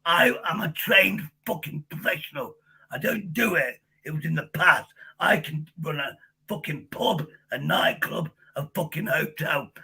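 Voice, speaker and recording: A man's voice: a little high, a little slow, gravelly, pushed and bright, husky, low-quality recording. A man hosting a livestream, angrily swearing and interrupting in a heated argument, losing his voice. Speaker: livestream host.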